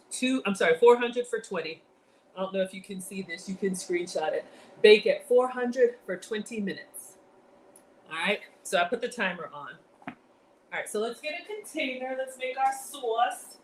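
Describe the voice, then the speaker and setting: A woman's voice: medium pitch, lively intonation, moderate pace, slight background noise. A woman with a slight Southern drawl hosting a casual cooking live stream from her home kitchen, chatting with viewers and laughing often. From African born, grew up in the US South.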